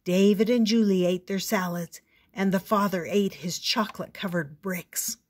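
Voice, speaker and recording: An older woman reads a children's picture book aloud in an expressive, playful storytelling voice. Her pitch sits in a middle range for a woman. She takes her time as she tells the story. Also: normal speed, slightly rough.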